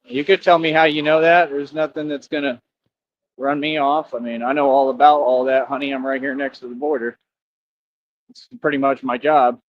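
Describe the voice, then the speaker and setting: A man's voice: medium pitch, level tone, normal speed, highs cut off. A man live-streaming, boastful and confrontational as he talks back to commenters in a casual rant.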